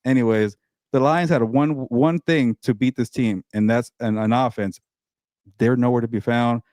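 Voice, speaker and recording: A man's voice: mid-range voice, steady tone, normal speed, a little mellow, no echo. A man co-hosting a casual sports talk show, ranting in an exasperated, profane way and stumbling over repeated words. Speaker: co-host.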